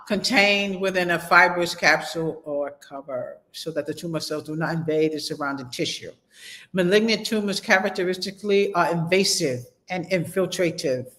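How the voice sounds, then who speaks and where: A man with a high-sitting, sharp-toned voice gives a casual online medical terminology lecture. He reads from the textbook, then stops to repeat and spell key terms, talking straight to his students with a chatty "y'all."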